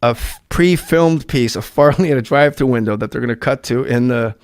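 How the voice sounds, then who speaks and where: A man's voice: medium pitch, a little fast, clear, resonant tone, no room sound, clean studio sound. A man in casual podcast chat, telling stories animatedly and acting out quotes with frequent laughter. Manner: animated storyteller, acts out quotes, laughs often. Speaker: podcast guest, former comedy writer.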